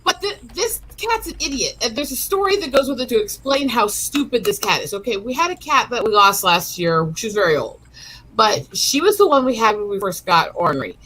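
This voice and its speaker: A woman co-hosting a relaxed stream, telling long casual stories about her pets in a chatty, rambling way. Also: high-pitched, rough recording. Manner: chatty, rambling anecdotes with restarts. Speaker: co-host of a chill stream. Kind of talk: casual chat.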